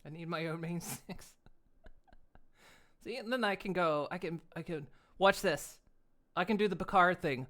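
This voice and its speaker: Bright, giggly woman streamer. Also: on the low side, moderate pace, long pauses. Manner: playful, giggly, hamming up expressions. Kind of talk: casual livestream chat.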